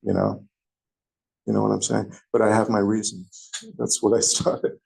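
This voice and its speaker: Man, New York accent, low gravelly voice, husky and dark, halting and searching. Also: sing-song. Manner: hesitant, halting, self-correcting. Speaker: meeting participant. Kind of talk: searching conversational dialogue. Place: meeting room.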